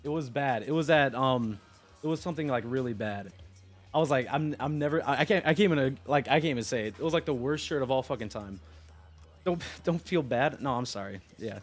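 A young man chatting on a live stream, rambling excitedly, swearing and talking to his chat. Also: medium pitch, a little fast, faint music behind.

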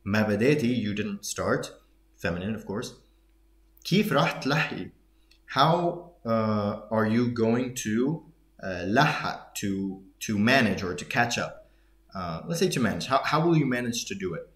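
Low-voiced man teaching in echoey room. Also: lively intonation, moderate pace. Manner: thoughtful, many fillers and self-corrections. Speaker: Arabic teacher. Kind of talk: explaining a dialogue reading.

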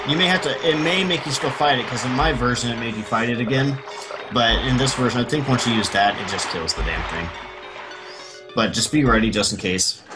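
A man's voice: mid-range voice, fairly quick. A man commentating alongside a game player, explaining puzzle and boss details in a casual, helpful way. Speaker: co-commentator giving game tips. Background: game music.

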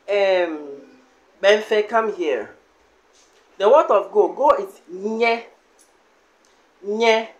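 Slow-paced man teaching words. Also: high-pitched. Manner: repeats each word slowly several times. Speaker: language teacher. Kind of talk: slow language lesson with repeated words.

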